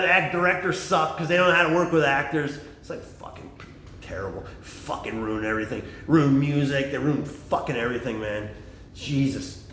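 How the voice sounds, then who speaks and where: A middle-aged man rambling in a profane, excitable vlog monologue, jumping from topic to topic. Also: on the high side, roomy sound, slight background noise. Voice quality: extroverted and excitable. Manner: animated, swearing, jumps between topics. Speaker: vlogger.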